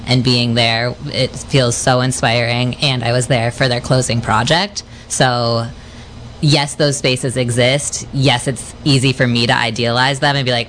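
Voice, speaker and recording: A man guest telling a story in a measured, deliberate way. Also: mid-range voice, flat delivery, a bit bright, a little hiss or hum. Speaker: podcast guest. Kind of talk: conversational storytelling.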